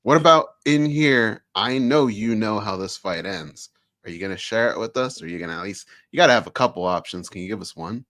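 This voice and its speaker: A man's voice: fairly low pitch, a little fast, a bit bright, dry recording, clean studio sound. A man co-hosting a radio interview, easygoing and teasing with his questions. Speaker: radio co-host. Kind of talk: casual interview chat.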